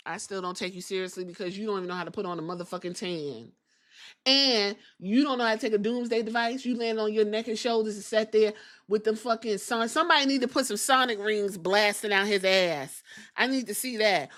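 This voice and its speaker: A woman hosting a wrestling review podcast, chatting casually in an animated, profane way and laughing often. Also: medium pitch, moderate pace. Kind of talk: casual chat.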